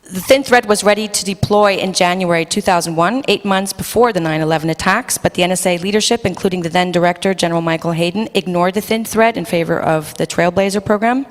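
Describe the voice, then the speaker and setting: A woman's voice: on the low side, fast, few pauses. A woman moderating a panel discussion, reading introductions from notes with fillers and restarts. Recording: long reverb of a hall.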